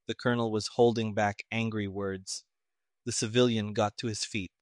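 A man narrating an audiobook in a steady, plain storytelling manner. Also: on the low side, moderate pace, no room sound, studio quality.

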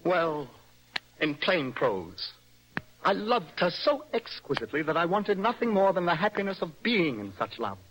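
A highly strung young poet in a radio play, his voice light, bright and a little breathy. He swings his pitch widely as he moves between dreamy musing and impassioned outbursts. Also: very animated, normal speed, poor audio. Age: young adult. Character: young man, a nervous, passionate poet. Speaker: romantic rival. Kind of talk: old-style radio drama acting.

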